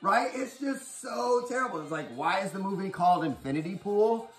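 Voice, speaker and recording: A man rattles off a horror movie plot in a profane, animated rush. His fairly high voice swings up and down a lot, and it echoes around the room over faint music. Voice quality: profane, animated, rapid storytelling. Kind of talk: casual movie recap.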